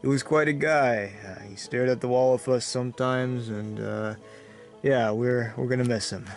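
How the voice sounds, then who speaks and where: A man voicing a shifty male secret-society member in an amateur comedy sketch, mumbling low and evasively. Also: steady tone, normal speed, soft background music, natural voice.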